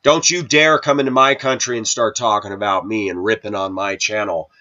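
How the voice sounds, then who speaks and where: A man's voice: fairly low pitch, fairly even intonation, fairly quick, bright, forceful tone. Sniffly middle-aged man ranting to camera. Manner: preachy, combative, scolding. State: sniffly with a cold. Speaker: video channel host. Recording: dull lo-fi sound.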